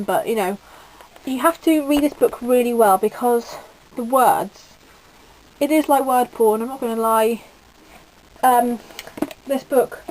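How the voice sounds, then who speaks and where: A woman's voice: on the high side, darkish tone, a little hiss or hum, low-quality recording. A teenage girl from the UK giving a rambling, gushing casual book review with lots of fillers. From United Kingdom. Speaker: book vlogger.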